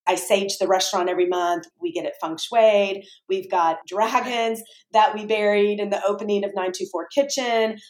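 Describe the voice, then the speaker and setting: A woman who owns restaurants, answering interview questions openly and with feeling, sometimes speeding up in quick bursts. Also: mid-range voice, steady tone, darkish tone, roomy sound, poor audio. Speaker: restaurant owner.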